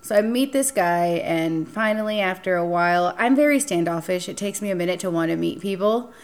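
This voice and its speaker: A young woman hosting a casual podcast chat, telling a dating story with lively acted-out quotes and frequent swearing. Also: on the low side, a little fast. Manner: animated, acts out quotes, swears freely. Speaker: podcast host.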